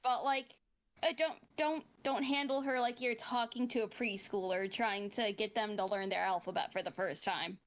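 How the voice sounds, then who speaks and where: A woman's voice: mid-range voice, steady tone, normal speed. A woman co-hosting a live reaction show, exasperated and ranting. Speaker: podcast co-host.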